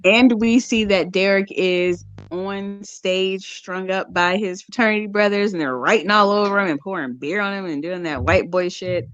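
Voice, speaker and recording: A woman's voice: mid-range voice, moderate pace, hardly any pauses, fairly bright tone, clean tone, no room sound, muffled recording. A woman recapping a horror movie in casual, slangy storytelling, acting out the characters' lines. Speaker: podcast host.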